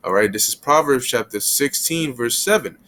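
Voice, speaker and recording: A man's voice: medium pitch, lively intonation, a bit bright. Man teaching scripture in casual slang. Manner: casual street slang, acts out little scenes with quick voices. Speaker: bible teacher. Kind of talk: conversational bible teaching.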